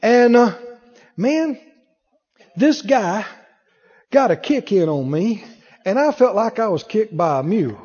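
High-voiced preacher in an echoey hall. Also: male voice, takes it slowly, pauses often, breathy edge, highs cut off. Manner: animated storytelling, acting out voices. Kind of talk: sermon with personal story.

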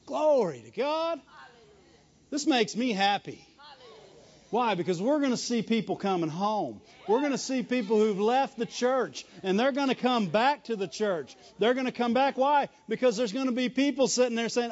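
A man with a strikingly high voice preaches a sermon with emphatic, animated delivery and frequent chuckles. The recording is dull and lo-fi. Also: normal speed.

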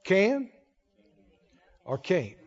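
A man's voice: sits high, huge pitch swings, extremely slow, lo-fi sound. A man preaching a sermon, asking questions and answering them in a folksy, call-and-response way.

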